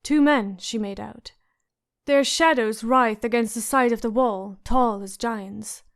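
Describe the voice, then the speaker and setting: A woman narrating an audiobook in a measured, suspenseful way. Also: a little high. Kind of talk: scripted narration.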